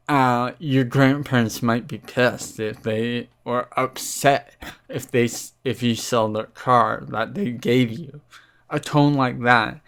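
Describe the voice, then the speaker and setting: A young man in a casual vlog talks through a grievance at an unhurried pace, stopping and restarting his sentences. His voice is clean and smooth, with a mid-range pitch. A mild irritation runs through his storytelling. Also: a bit bright. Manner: rambling, halting, with many fillers and restarts; mildly irritated, recounting a complaint. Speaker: vlogger.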